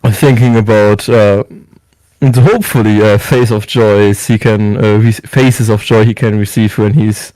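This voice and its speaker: A man playing a tabletop game, describing his character in a hesitant way with many pauses. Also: lowish voice, steady tone, warm tone, dry recording, rough recording. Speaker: player. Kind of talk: casual tabletop role-play.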